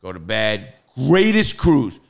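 A middle-aged man telling profane, animated stories in casual podcast chat, with loud bursts. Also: lowish voice, takes it slowly, creaky.

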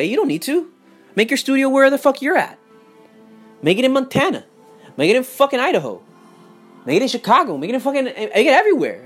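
Young male vlogger, heated rant, higher-pitched voice, soft music underneath. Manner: heated, profane, repeats himself, swings loud and quiet. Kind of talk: profane casual rant. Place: home in Miami.

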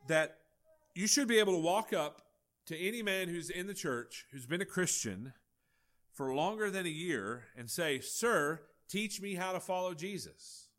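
A male pastor, preaching a folksy, animated sermon with acted-out dialogue. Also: high-pitched, a little slow.

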